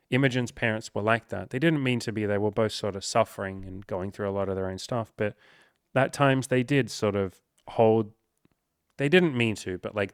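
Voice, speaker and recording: A man's voice: medium pitch, no room sound, clean studio sound. A man, a relationship coach, talking bluntly and swearing freely as he reacts to a viewer's messages.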